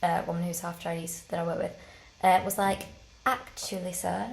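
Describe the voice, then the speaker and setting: A woman's voice: on the low side, flat delivery, a little fast, creaky, darkish tone, roomy sound, low-quality recording. A woman co-hosting a podcast in casual chat, rambling and correcting herself with frequent giggles. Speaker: podcast co-host.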